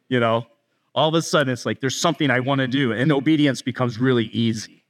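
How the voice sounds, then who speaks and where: A male pastor giving a conversational sermon. He talks straight to the congregation, kids included, and acts out bits of dialogue in quick asides. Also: medium pitch. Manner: speaks directly to kids in the congregation.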